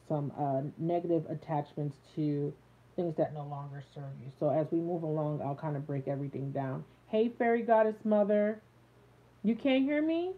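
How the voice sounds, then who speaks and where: A woman giving a live tarot reading to her viewers, chatty with many fillers, speaking into a phone set a little way off. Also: sits low. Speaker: tarot reader. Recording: tinny phone-like sound.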